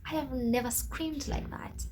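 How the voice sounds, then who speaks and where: A woman's voice: sits high, fairly even intonation, unhurried, darkish tone, a little hiss or hum. A young adult woman vlogger telling a story to camera in a casual, emphatic way, with religious exclamations.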